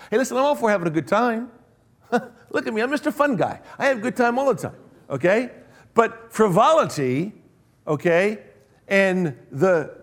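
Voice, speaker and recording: A man preaching a sermon in a conversational way, talking straight to his listeners and firing off rhetorical questions, rushing through asides and slowing down to stress key words. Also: on the high side. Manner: rhetorical questions, shifting between quick asides and slow emphasis; conversational, addresses listeners directly.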